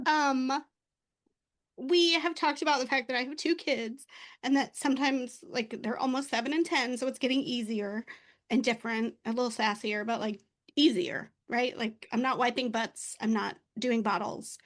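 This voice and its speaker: A woman's voice: fairly high pitch, steady tone, moderate pace. A woman in her thirties hosting a casual podcast, chatty and a little emotional as she talks. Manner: warm-hearted, emotional, chatty. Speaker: podcast host. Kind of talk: casual conversational interview.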